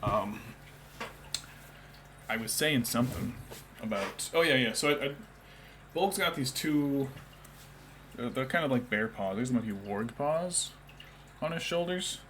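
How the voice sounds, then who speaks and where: A man's voice: mid-range voice, expressive, a little slow, pauses often, a bit bright, a little hiss or hum. A young man chatting casually while painting miniatures on a stream, rambling and now and then talking baby talk to his cat.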